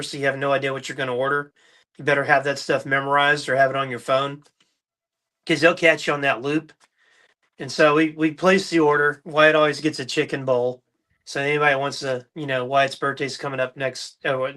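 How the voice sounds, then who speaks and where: A middle-aged man hosting a podcast, chatting casually and telling animated stories, now and then mimicking other people's voices. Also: medium pitch. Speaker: podcast host. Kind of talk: casual chat.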